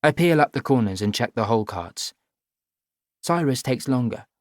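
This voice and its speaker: A man narrates a first-person audiobook in a measured, even way. His voice sits at a middle pitch. The recording is dry and close. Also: no echo.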